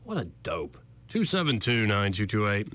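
A man's voice: fairly low pitch, sing-song, normal speed, a bit bright. A man hosting a call-in talk radio show, casual and wry, laughing through mocking asides.

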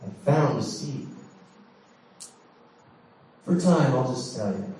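A man's voice: medium pitch, expressive, takes it slowly, darkish tone. A middle-aged man preaching, telling a candid personal story with laughs and dramatic swings. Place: large church hall. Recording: echoey hall, mic from far off.

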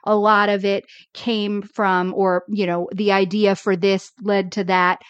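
A woman's voice: mid-range voice, a little slow, smooth, no room sound. Woman chatting about old tv episodes, acts out the quotes, dry kinda muffled sound. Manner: animated, acts out characters' lines when quoting. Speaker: podcast co-host. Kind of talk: casual chat recapping TV episodes.

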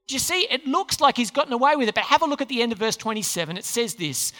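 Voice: medium pitch, very animated, brisk, a bit bright. A preacher giving a sermon, telling a story with rhetorical questions and acted-out quotes. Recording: long hall reverb.

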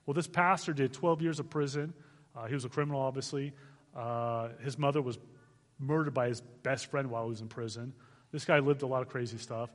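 A man in his forties from Arizona, a guest missionary speaker giving an animated testimony to a church, laughing as he tells it. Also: mid-range voice, fairly quick, long reverb tail. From Arizona, United States. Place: church sanctuary.

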